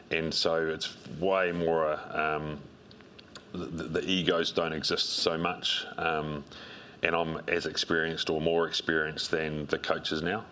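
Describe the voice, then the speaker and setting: A middle-aged New man with a remarkably low voice tells stories in a relaxed, rambling way, stopping for ums and restarts. A faint hiss sits under his voice. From New Zealand. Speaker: strength and conditioning coach, guest. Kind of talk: interview storytelling.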